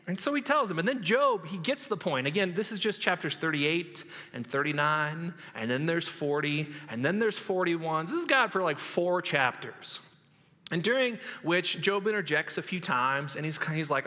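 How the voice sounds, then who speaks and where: A male pastor preaching an animated sermon, with a high, bright voice. The sound rings through a large church hall with a long reverb. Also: moderate pace. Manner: animated, jokey. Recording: echoey hall.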